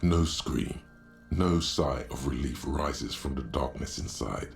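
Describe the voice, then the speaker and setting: An actor voicing a grave male narrator in a video game, with slow, ominous and vivid delivery. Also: rumbling low, vocal fry, soft background music, exaggerated voice.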